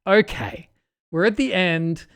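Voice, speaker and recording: A man's voice: high voice, takes it slowly, gravelly, smooth. A man co-hosting a podcast, recapping a film's plot and gushing about its scenes in casual chat. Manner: excitable, narrates plot then gushes. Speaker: podcast co-host.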